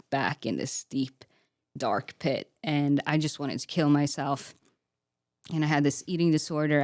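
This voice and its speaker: A woman's voice: sits low, a little mellow, no room sound, clean studio sound. A young woman giving an earnest, candid personal faith testimony as a podcast guest, with frequent "like" fillers. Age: young adult.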